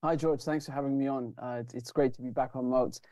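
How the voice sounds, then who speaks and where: A man's voice: mid-range voice, fairly even intonation, fast, warm tone, no room sound. Earnest male guest, dry close sound. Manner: earnest, with frequent fillers and restarts. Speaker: guest journalist. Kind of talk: interview answer.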